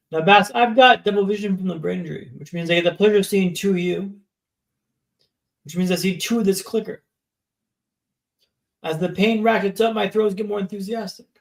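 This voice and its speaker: A man's voice: high-pitched, vocal fry. A man in his thirties, a podcast guest telling his story in a vivid, dramatic way and often checking in with "right?". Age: 30s. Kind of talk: storytelling interview. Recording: echoey room.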